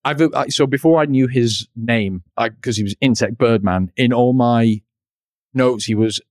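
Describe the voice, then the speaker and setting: A man of middle pitch co-hosts a laid-back podcast, walking through a cartoon episode scene by scene. He tells it like an anecdote, chatty and quick to laugh at his own asides. The voice sits close and dry, with no room sound. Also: dry recording. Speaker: podcast co-host. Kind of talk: casual chat recapping a cartoon episode.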